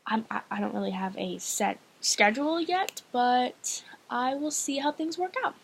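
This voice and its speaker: A woman's voice: fairly high pitch, normal speed, vocal fry, a little hiss or hum. A woman reading a novel aloud in a casual, hesitant way, often stumbling and restarting lines. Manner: hesitant, frequent restarts and fillers. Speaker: audiobook reader, channel host.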